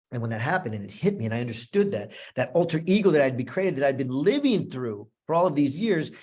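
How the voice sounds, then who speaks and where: A husky-voiced man delivers a heartfelt personal story as a motivational speaker. His words circle back and repeat as the emotion builds, and his pitch sits in an ordinary middle range. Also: darkish tone. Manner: earnest, repetitive, emotional storytelling. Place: room with a live audience.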